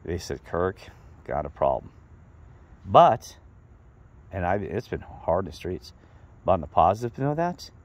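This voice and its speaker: A middle-aged man telling a rambling, animated story in a casual monologue to his viewers. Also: low-pitched, normal speed. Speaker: vlogger.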